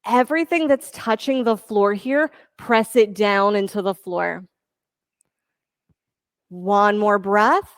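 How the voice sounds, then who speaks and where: A woman teaching a yoga class, giving steady counting cues and encouraging her students. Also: mid-range voice, slow, pauses often, clear, resonant tone, dry recording, clean studio sound. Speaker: yoga instructor. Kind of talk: leading a live yoga class.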